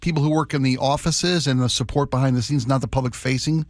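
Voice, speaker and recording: A man's voice: medium pitch, fairly even intonation, fast talker, no echo. A man co-hosting a radio show, chatting casually with frequent restarts and playful sarcasm, in a radio studio on a studio microphone. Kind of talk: casual talk radio banter.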